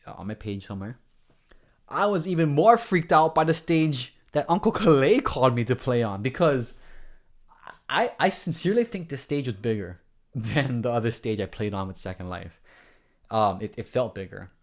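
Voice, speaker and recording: Hawaiian guy vlogging, earnest rambling storytelling, keeps restarting, medium pitch voice. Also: lively intonation, normal speed. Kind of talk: casual storytelling vlog.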